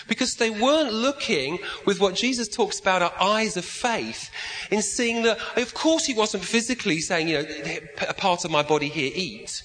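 High-voiced preacher in an echoing hall. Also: male voice, lively intonation, a bit bright, a little hiss or hum. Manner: halting, repeats words when searching. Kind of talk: sermon.

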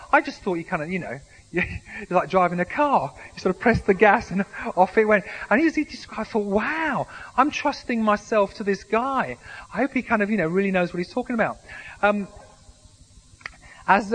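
A man with a high, fairly bright voice, captured on a low-quality recording, preaches a sermon full of anecdotes. His delivery is conversational, with self-deprecating humorous asides, and he restarts often.

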